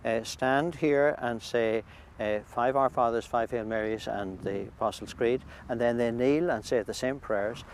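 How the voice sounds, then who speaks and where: A man, a priest, describing a pilgrimage in a thoughtful, halting way with many restarts, recorded outdoors by a lake. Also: mid-range voice. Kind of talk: conversational interview. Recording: faint outdoor background noise.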